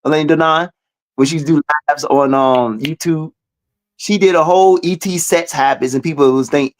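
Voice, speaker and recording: A man talking as a guest in casual, animated chat, full of cursing, laughs and quick asides. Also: on the high side.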